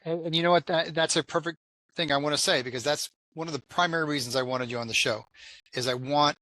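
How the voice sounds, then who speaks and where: A man hosts an interview podcast, speaking earnestly and haltingly, with many restarts. His voice is bright and forceful, recorded dry and close. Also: fairly high pitch, no echo. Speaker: podcast host.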